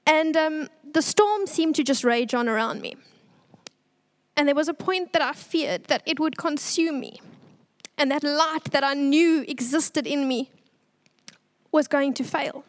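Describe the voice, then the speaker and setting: A young woman giving an earnest, tearful church testimony, pausing often. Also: sits high.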